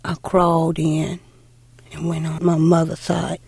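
A middle-aged woman telling a heartfelt personal story in an unhurried way, acting out old conversations. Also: low-pitched, monotone, gravelly, darkish tone, breathy edge, no echo. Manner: unhurried, heartfelt, acts out dialogue. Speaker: interviewee.

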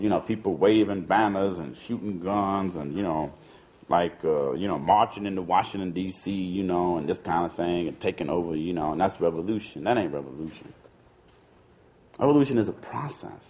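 A man giving an informal political talk to an audience, talking in a loose conversational way, repeating words and saying "you know" and "see" often. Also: deep voice. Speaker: speaker addressing an audience. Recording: dull lo-fi archival recording.

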